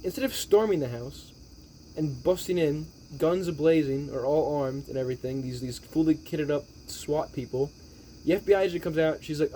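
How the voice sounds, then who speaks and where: A man with a slightly higher voice than most, recapping a film in a rambling, exasperated rant. He swears constantly and piles up restarts as he goes. A faint hum of noise sits under him. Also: moderate pace, mellow. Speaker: movie reviewer. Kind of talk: profane movie recap rant.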